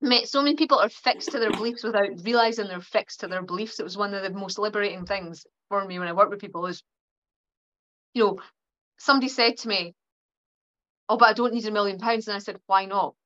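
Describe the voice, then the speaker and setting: A woman's voice: mid-range voice, fast talker, lo-fi sound. A woman from Scotland with a mild Perthshire accent, chatting as a guest on a live stream and acting out quoted exchanges, speaking into a phone. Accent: Scottish, Perthshire. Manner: animated, acts out quoted exchanges. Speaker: guest speaker, spiritual teacher.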